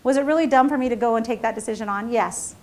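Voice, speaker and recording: A woman's voice: fairly high pitch, fast, darkish tone. A middle-aged woman, an entrepreneur, telling a chatty, self-mocking story at a seminar, laughing often and tossing in "right?". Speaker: entrepreneur and CEO giving a seminar talk. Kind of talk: storytelling keynote talk.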